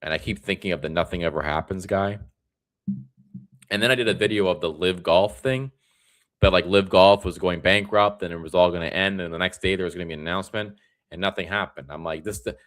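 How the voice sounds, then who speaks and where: A young man from Florida hosting a casual live stream, rambling in a tired, relaxed way. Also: low-pitched, fairly quick. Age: young adult.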